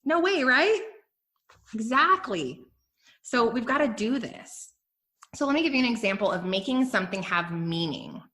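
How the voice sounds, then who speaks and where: A woman hosting a business podcast, giving energetic, emphatic motivational talk straight to her listeners. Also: fairly high pitch, normal speed. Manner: energetic, emphatic, addresses listeners as "you guys". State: emotional, near tears. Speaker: podcast host and business coach.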